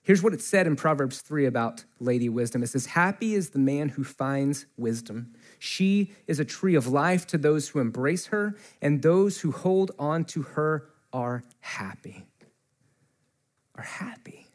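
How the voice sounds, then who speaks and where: Animated storytelling male pastor. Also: a little high, unhurried. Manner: conversational, animated storytelling with quoted voices. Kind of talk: sermon with personal storytelling. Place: church. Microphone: mic close to the face.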